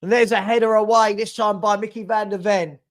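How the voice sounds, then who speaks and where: A man giving partisan live commentary on a football match for a stream, getting loud and excited at big moments. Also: sits high, a little fast. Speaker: fan watch-along commentator. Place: home room with a dog.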